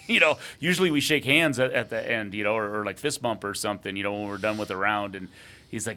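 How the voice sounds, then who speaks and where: A man's voice: lowish voice, moderate pace, sharp tone. A man co-hosting a podcast, telling a sports story casually and rambling with lots of fillers. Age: adult father. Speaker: podcast co-host.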